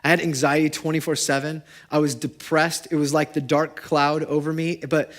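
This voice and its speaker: A young adult man preaching a sermon to his congregation in a conversational way, asking them questions and moving between loud and hushed. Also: fairly high pitch, little pitch movement, moderate pace. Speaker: pastor. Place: church service before a congregation.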